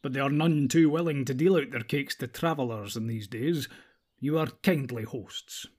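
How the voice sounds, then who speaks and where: A blunt, hearty dwarf, as a storyteller voices him, gives his opinion with emphasis and a touch of gruffness. The voice is slightly raised and a little louder than the narrator's usual reading. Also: mid-range voice, normal speed, close to an everyday voice. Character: gruff, doubtful male dwarf, hearty when pleased.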